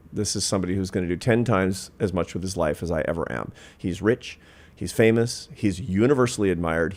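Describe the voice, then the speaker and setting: Brief: man, 50s, low voice, interview guest, reflective storyteller who lands his points with force. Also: darkish tone. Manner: earnest, reflective, builds to emphatic points. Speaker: guest, social scientist.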